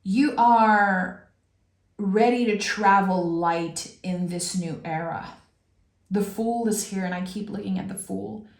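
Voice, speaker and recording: A woman giving a slow, soulful tarot reading, speaking gently and earnestly to the viewer with drawn-out pauses and reassurance. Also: medium pitch, vocal fry. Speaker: tarot reader. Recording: roomy echo.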